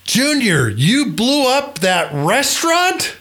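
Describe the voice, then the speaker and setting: A man voicing an exasperated air force general who shouts his complaints in a high, laughing voice. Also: sing-song, a little slow, heavily acted.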